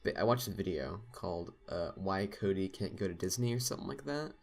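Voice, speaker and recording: A man's voice: low-pitched, animated, a little fast, creaky. A young man telling a long story in casual podcast chat, rambling with lots of fillers. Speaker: podcast co-host.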